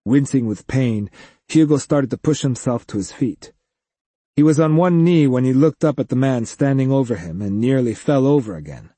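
A man narrating a science-fiction audiobook with expressive storytelling. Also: medium pitch, normal speed, breathy edge, dry recording. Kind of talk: scripted narration.

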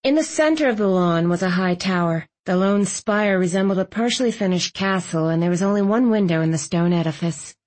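A woman reading a first-person novel aloud as an audiobook narrator, brisk and expressive. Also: mid-range voice.

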